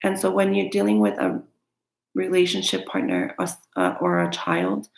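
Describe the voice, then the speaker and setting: A woman's voice: extremely low pitch, big pitch swings, normal speed. A woman talking to her viewers in an earnest, candid and frank self-help vlog. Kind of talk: motivational self-help talk. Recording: echoey room.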